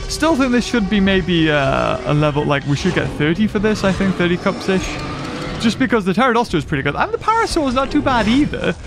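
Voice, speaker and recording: A young man giving playful, excitable commentary on his own gameplay, joking and reacting as he goes. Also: high-pitched, gravelly, background noise. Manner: playful, jokey, bursts of excitement. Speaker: gaming video host. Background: game music.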